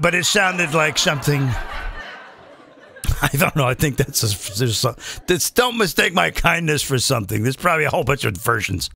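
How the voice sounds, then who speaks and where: A middle-aged man, a comedian hosting his own show, delivering an animated, profane, sarcastic comedic rant. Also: fairly high pitch, creaky. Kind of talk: ranting comedic monologue.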